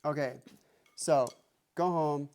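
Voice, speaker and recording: A man's voice: on the high side, steady tone, slow pace. A man teaching drums in a music lesson, talking plainly and counting beats aloud as he plays. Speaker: drum teacher. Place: music room with drum kit. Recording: drums loud behind the voice.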